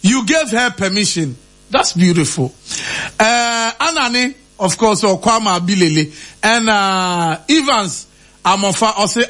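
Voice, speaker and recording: A man's voice: high voice, bright, forceful tone. A man on the radio reading out listener comments, laughing often in casual chat. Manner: reads out names and quotes, laughing often.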